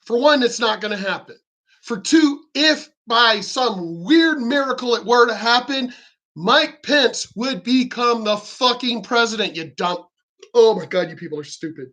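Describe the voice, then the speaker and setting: Here is furious political commentary from a vlogger whose mid-range voice is animated, bright, and forceful at a measured pace. Profane and sarcastic, the rant ridicules opponents by putting on their voices.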